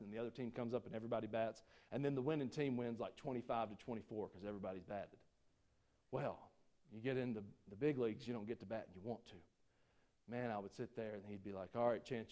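Folksy and playful, a mid-range-voiced pastor jokes with his congregation during a sermon, his delivery shifting from booming preaching to hushed asides.

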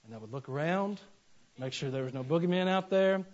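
A man, preaching a sermon and telling stories with animated acted-out voices. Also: fairly high pitch, fairly quick. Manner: animated storytelling, acts out voices in anecdotes. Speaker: pastor. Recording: dull lo-fi sermon recording.

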